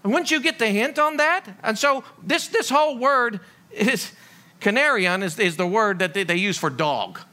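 Man, pastor preaching, lively swooping pitch, rhetorical questions. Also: normal speed. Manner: animated, rhetorical questions, folksy humor. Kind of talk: sermon.

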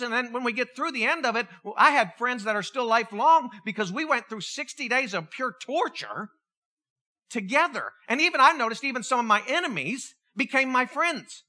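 Animated preacher with a lively, bright voice. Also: medium pitch, moderate pace. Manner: animated storyteller, acts out quoted voices, jokey asides. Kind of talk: sermon with storytelling.

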